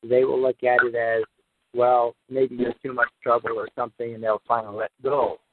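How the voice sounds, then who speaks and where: Radio host guy, halting, restarts a lot, tinny dry sound. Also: medium pitch, flat delivery, no echo. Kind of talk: call-in radio talk. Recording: tinny phone-like line, dry.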